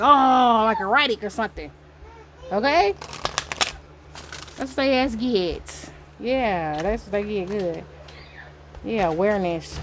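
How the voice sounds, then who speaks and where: A woman's voice: medium pitch, a little hiss or hum. Rambling woman giving a casual spiritual reading. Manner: rambling, talkative, swears casually. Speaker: spiritual card reader. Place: indoor room.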